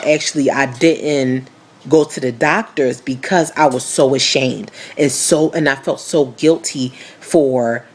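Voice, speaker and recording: A woman in her twenties giving a candid personal testimony, frank and animated, with casual slangy speech full of fillers, acting out the voices in her story. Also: deep voice, breathy edge. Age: 20s. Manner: frank and animated, acts out quoted dialogue.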